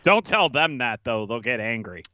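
A man's voice: medium pitch, sing-song, moderate pace, bright, forceful tone, no echo, lo-fi sound. A man co-hosting a sports podcast, sardonic and teasing, with blunt opinions. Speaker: podcast co-host. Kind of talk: casual sports podcast chat.

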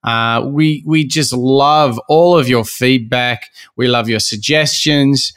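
Smooth-voiced upbeat podcast host. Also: male voice, medium pitch, slow, a bit bright, dry recording, studio quality. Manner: upbeat, chatty, playful. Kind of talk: casual podcast sign-off.

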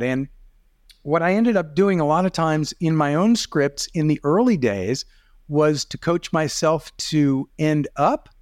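Lively middle-aged man coaching on camera. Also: fairly high pitch, no room sound, studio quality. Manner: lively, demonstrative explaining with rising and falling emphasis. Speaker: video coach and guest. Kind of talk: casual interview talk.

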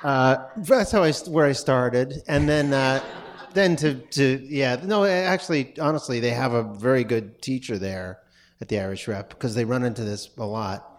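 A stage actor from New York City appears as a guest on a live podcast. His medium-pitched voice comes out halting and self-deprecating, and he often trails off.

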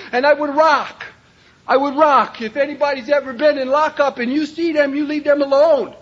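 Older man, unusually high voice, emphatic recovery-meeting speaker, muffled lo-fi recording. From Cleveland, Ohio, USA. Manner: emphatic, raises voice to a shout then drops low. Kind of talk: personal recovery story told to a meeting. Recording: dull lo-fi recording.

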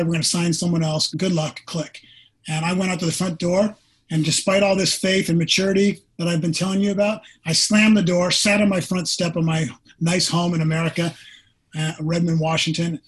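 A man's voice: on the high side, husky. A middle-aged man, a former pro football player, telling an earnest personal story in an interview.

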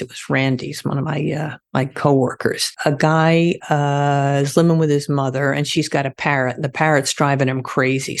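An older woman, a former death investigator, speaks candidly as an interview guest, telling stories conversationally. Her deep voice is captured in clean studio sound with no echo.

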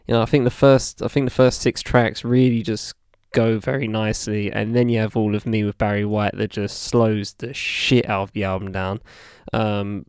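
A man's voice: medium pitch, darkish tone, smooth, no room sound, clean studio sound. A man co-hosting a music podcast, rambling with lots of fillers and joking exasperation. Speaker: podcast co-host. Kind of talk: casual chat about music.

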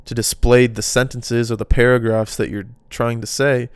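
A man's voice: medium pitch, level tone, moderate pace, clean tone, no echo. Male podcast host, casual solo monologue, loose and rambling, mid-range voice, clean. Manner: rambling, off-the-cuff musing.

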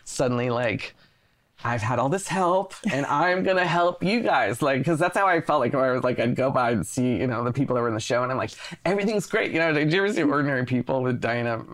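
A man's voice: mid-range voice, fast talker. A man in his forties, a guest telling a rambling story in casual conversation, often cutting himself off and restarting. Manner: rambling, self-interrupting, animated.

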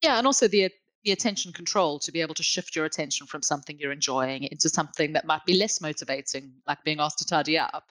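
A woman, a guest expert, explaining calmly and clearly on a podcast. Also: low-pitched, fast talker, no room sound.

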